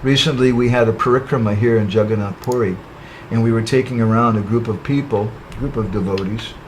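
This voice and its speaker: A man of medium pitch narrates a parable in a sermon. He speaks over an online webinar call and keeps checking in with the listeners through short tag questions. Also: fairly quick, slight background noise, poor audio. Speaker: spiritual speaker. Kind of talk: storytelling sermon.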